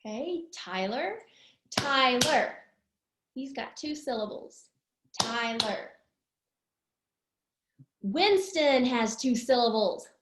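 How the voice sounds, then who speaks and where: A woman teaching young children a lesson, slowly stretching words out syllable by syllable. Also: high-pitched, sing-song, echoey room, noisy background. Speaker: preschool teacher.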